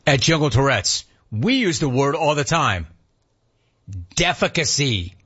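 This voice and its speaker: A man's voice: a little high, expressive, normal speed, a bit bright, slightly rough. A man hosting a sports talk show, ranting with rhetorical questions and reading out chat comments. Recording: dull lo-fi sound.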